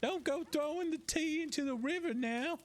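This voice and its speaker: A man's voice: very high voice, moderate pace, slight background noise, pitched above the performer's own voice. A man putting on a jokey fake British accent to play a prissy, teasing Englishman. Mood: mock-posh. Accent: put-on British. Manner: sing-song, teasing, tag questions.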